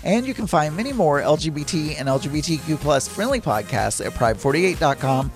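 A man talks through his day on his own podcast, loose and rambling, and he laughs easily. His voice sits a little high for a man. Soft music plays faintly behind him. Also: lively intonation, a little fast. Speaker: podcast host. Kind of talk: casual solo podcast monologue. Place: home.

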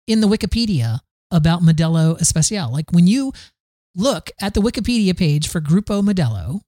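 A man's voice: sits high, sing-song, brisk, mellow, no echo, clean studio sound. A man hosting a podcast, riffing through the news in a casual, sarcastic way, full of fillers and restarts. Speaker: podcast host.

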